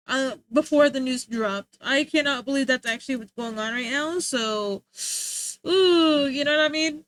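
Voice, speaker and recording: High-voiced, slangy young woman streamer. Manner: slangy and animated, lots of filler words. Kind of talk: casual chat.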